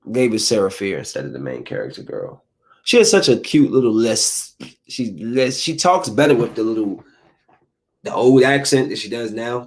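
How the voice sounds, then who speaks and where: A man hosting his own podcast, talking casually in a loose, rambling way. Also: lowish voice. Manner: rambling, animated storytelling; earnest motivational speech. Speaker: podcast host. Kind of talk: casual solo podcast talk.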